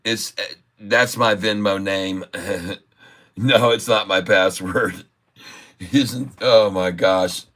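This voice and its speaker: Laughing, slow-talking male stream host. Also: on the low side, a bit bright. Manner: laughs often, reads chat comments aloud. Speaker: livestream stock trading host. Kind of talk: casual livestream chat with viewers.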